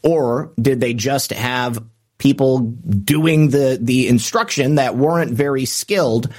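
A man's voice: mid-range voice, takes it slowly, a little mellow. A man hosting a political commentary show, reading out quotes and adding sarcastic remarks with frequent "uh" fillers. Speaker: political commentary podcast host.

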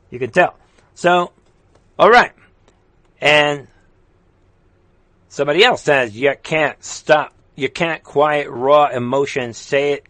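Recorded dry, this slightly high, somewhat bright-voiced man runs a livestream full of fiery political ranting. He reads viewer comments aloud, strains his voice, and keeps repeating rallying calls.

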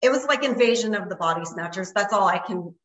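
A woman's voice: medium pitch, animated, fast, a bit bright, roomy sound, poor audio. A woman guest telling a story in casual conversation, rambling with lots of fillers. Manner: rambling, many fillers like "like" and "you know". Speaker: interview guest.

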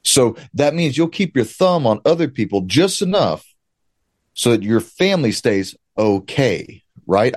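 A man's voice: medium pitch, big pitch swings, a little slow, darkish tone, slightly rough, no room sound. A man giving political commentary, talking emphatically with a sarcastic, ranting edge. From United States. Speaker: guest commentator.

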